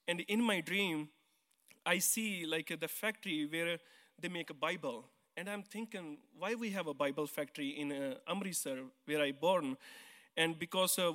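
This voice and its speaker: A man's voice: a little high, a bit bright. Earnest Indian man testifying in church. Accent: Indian English. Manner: simple, earnest, non-native grammar, some hesitant restarts. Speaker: church member giving testimony. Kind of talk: personal testimony on stage. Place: church hall. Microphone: handheld mic. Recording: long reverb of a church hall.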